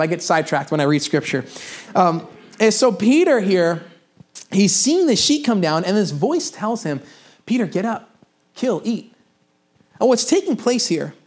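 A young adult man preaching a sermon in a casual storytelling manner, with humorous asides and personal confessions. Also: high-pitched. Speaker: pastor.

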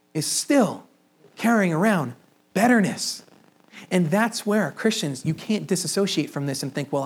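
A young adult man preaching a sermon in a casual storytelling manner, with humorous asides and personal confessions. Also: high voice. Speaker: pastor.

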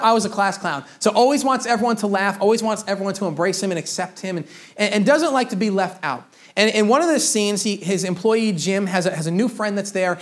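This is a preacher giving a sermon in a chatty, direct way, talking right to the congregation. The delivery stumbles and repeats words as thoughts form, and quoted lines are acted out with the voice rising or dropping. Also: mid-range voice. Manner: conversational, addresses the congregation directly; frequent word repetitions and restarts.

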